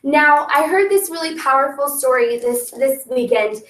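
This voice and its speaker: Brief: young woman sales coach, high bright voice, upbeat pep talk, recorded far off in an echoey room. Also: normal speed. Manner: energetic, coaching, acts out scripts. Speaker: sales team leader. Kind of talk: motivational sales training talk. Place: meeting room with a group.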